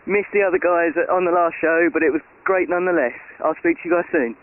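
A fairly high-voiced man from the UK calls in with an upbeat, rambling message. His voice comes through a tinny, phone-like line with a faint hiss underneath. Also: fast talker. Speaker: caller. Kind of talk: recorded voicemail comment.

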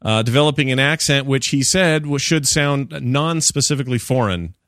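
A man hosting a casual movie chat, joking and animated, with silly put-on voices when he quotes people. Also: mid-range voice, normal speed, dry recording, studio quality.

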